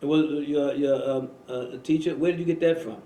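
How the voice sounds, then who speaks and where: Man, religious talk host, emphatic preaching, repeats phrases, middle pitch, echoey room. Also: fairly quick, warm tone. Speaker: imam and show host. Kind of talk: religious talk radio conversation.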